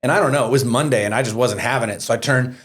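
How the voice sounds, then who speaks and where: A man's voice: mid-range voice, rapid-fire, slightly rough. A man who is a defense attorney and podcast co-host, telling stories in a brash, profane way. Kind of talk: casual podcast chat.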